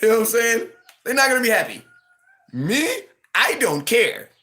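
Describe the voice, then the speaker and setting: A man in his thirties hosting a live stream, ranting casually about sports, animated and mocking, with quick impressions and frequent laughs. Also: very high voice. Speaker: livestream host.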